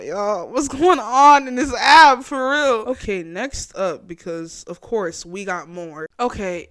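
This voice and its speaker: A young woman hosting her own chat show, reacting in a casual, animated, slangy way and laughing often. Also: mid-range voice, dry recording, studio quality. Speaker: podcast host.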